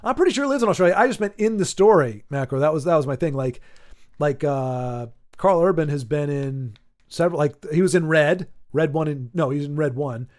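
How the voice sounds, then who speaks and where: A man hosts a relaxed livestream and talks at length in a somewhat high voice. He rambles, restarts his sentences and slips into playful mock-pompous asides aimed at his chat. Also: a little fast. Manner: rambling, self-correcting, mock-pompous banter. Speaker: livestream host. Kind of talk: casual chat with chat readers.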